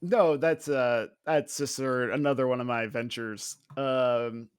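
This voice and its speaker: A man playing a smug, self-important businessman in a tabletop game, speaking stiffly with halting pauses. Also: mid-range voice, steady tone, clean tone, no echo, studio quality, close to an everyday voice.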